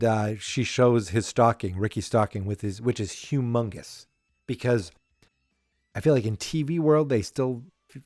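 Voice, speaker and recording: Brief: male podcast host, middle pitch, rambling casual recap, dry close sound, faint music underneath. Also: darkish tone, no echo. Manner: rambling, chatty, with many fillers and wry asides.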